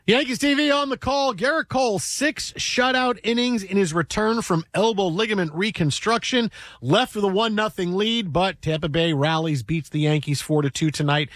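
Excitable sports radio host man. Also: high-pitched, no echo, studio quality. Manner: excitable, fast bursts, repeats words. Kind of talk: sports radio talk and storytelling. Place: radio studio.

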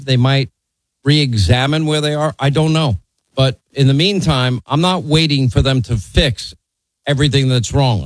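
A man's voice: medium pitch, dry recording, low-quality recording. A middle-aged man hosting a call-in talk radio show, blunt and opinionated as he teases his callers. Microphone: studio microphone.

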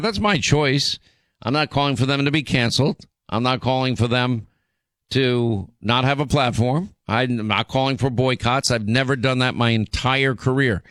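A man hosting a talk radio show rants in an indignant, emphatic voice, often stopping to restart his sentences. His pitch sits in an ordinary middle range. The studio sound is dry and close. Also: fairly bright tone, dry recording. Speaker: radio and podcast host.

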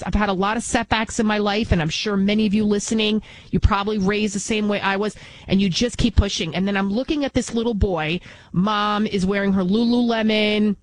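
A woman's voice: mid-range voice, no room sound, poor audio. A woman in her forties who hosts TV news tells stories in a casual monologue. She rambles and keeps restarting her sentences. Her voice is dry and close, with no room sound. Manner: animated, rambling, frequent restarts. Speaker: TV news host.

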